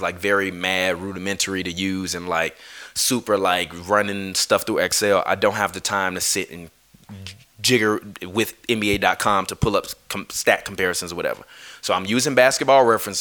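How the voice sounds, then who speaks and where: A streamer with a low, sharp-toned voice rants about basketball on a live stream, heated and swearing, repeatedly breaking off to apologize.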